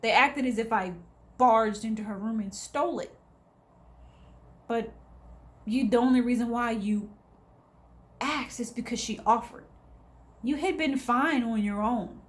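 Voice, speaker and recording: Animated, sarcastic woman vlogger. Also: on the high side, measured pace, pauses often. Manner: animated, sarcastic, acts out others' lines. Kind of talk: casual personal storytelling.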